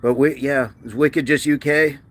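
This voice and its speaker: A man's voice: medium pitch, steady tone. A man hosting a casual livestream, reading viewer comments aloud and answering them in a chatty, joking way while he does push-ups. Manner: chatty and joking, with quick asides and restarts. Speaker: livestream host.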